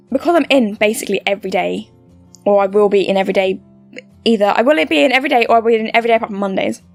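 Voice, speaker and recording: A woman's voice: on the high side, vocal fry, no echo. A young woman chatting to camera from home, bubbly and rambling, full of fillers and restarts. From United Kingdom. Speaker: YouTuber. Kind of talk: casual to-camera update chat.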